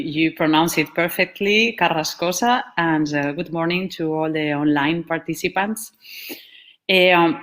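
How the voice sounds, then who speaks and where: A woman from Spain, giving a steady prepared speech for an organizing committee. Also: low voice.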